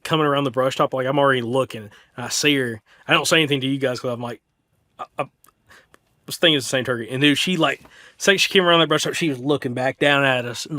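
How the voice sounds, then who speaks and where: A young man with a Southern US accent tells a hunting story on a casual podcast, with a voice that sits a little higher than most men's. He talks in an animated way, breaking off and restarting often and filling his sentences with "like". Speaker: podcast co-host.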